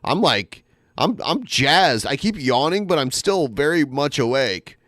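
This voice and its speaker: A man co-hosting a casual live stream podcast, talking in animated, jokey rants and swearing freely. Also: a little high, measured pace, no room sound, studio quality. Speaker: podcast co-host.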